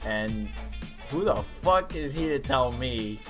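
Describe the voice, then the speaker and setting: A man's voice: medium pitch, expressive, takes it slowly, music in the background. A young man, a college student, casually telling a story to his viewers, swearing freely as he goes. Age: young adult. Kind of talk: story time commentary.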